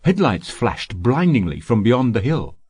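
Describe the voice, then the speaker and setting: Male narrator, mid pitch, even scripted audiobook delivery, dry close studio. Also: a little slow, breathy edge, dry recording.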